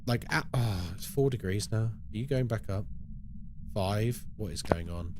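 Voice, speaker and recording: A man's voice: on the low side, unhurried, noisy background. A man giving live commentary on a horror game as a streamer, chatting with viewers and reacting aloud to what happens. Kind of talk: live gameplay commentary and chat.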